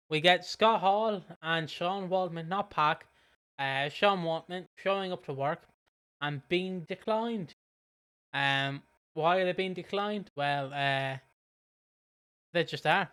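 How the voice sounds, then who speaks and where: Chatty man, smooth voice. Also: on the high side, slow pace, fairly bright tone. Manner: swearing, jokey, rambling with fillers. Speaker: podcast co-host. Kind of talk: casual chat.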